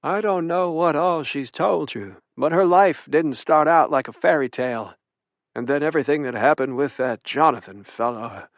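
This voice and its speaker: A protective old Southern grandfather with a drawl and a war veteran's gravity, as a male audiobook narrator puts him on. He speaks in a slightly raised register, measured and quietly intimidating, yet with tenderness underneath. The read is close and dry, with no room around it. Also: fairly high pitch, no room sound, dull audio, close to an everyday voice. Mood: tender. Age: older. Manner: gruff and protective, softening to tender. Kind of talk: audiobook character voice.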